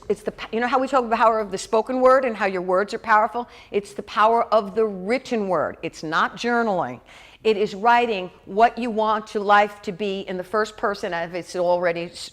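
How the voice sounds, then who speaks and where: Woman minister, middle-aged, conversational sermon delivery, lively asides, mid-range voice. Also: medium pitch. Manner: lively, chatty preaching with asides and quick laughs. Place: church hall.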